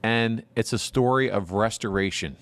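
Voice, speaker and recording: A man's voice: on the low side, moderate pace, no room sound. A man co-hosting a podcast, speaking encouragingly and bringing in his faith. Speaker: podcast co-host. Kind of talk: supportive podcast talk.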